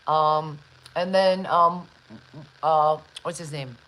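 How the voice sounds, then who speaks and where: A woman hosting a live online interview, talking in a chatty, enthusiastic way. She keeps the conversation going and often breaks off to give shout-outs. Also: deep voice, fairly even intonation, takes it slowly, rough recording. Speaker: interview host.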